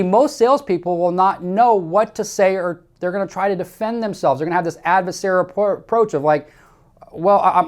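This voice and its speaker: A man's voice: high voice, a little mellow. A man coaching salespeople in a training talk, emphatic and repetitive, speaking straight to the listener with firm instructions.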